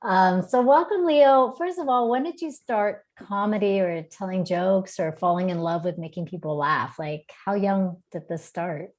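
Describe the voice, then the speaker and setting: A woman's voice: medium pitch, normal speed, hardly any pauses, darkish tone. A woman hosting and interviewing a guest over a video call, asking friendly questions and laughing often. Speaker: event host and interviewer. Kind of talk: casual interview.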